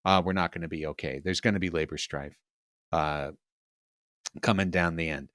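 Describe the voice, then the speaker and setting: A man hosting a sports podcast, ranting sarcastically in casual chat before trailing off quietly. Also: low voice, steady tone, normal speed, no echo, clean studio sound. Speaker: podcast host.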